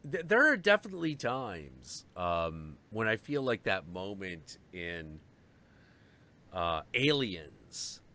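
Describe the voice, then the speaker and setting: Guy ranting on his stream, swears a lot, bright voice that jumps all over. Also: mid-range voice. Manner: animated, profane, acts out voices in his story. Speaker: stream host. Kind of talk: casual storytelling rant.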